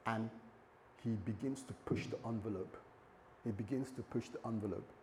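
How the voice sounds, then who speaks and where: A man's voice: lowish voice, normal speed, darkish tone, slight background noise. A man preaching a sermon, telling a scripture story with asides and jokes to the congregation. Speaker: pastor.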